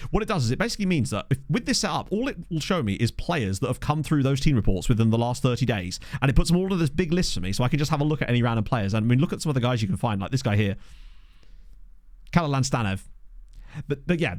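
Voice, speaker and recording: Brief: young male streamer from England, animated pitch, dry close desk mic, chatty live commentary over gameplay. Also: no room sound. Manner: chatty, answers chat, lively pitch swings. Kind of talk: casual chat while playing. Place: home streaming setup. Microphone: desk microphone.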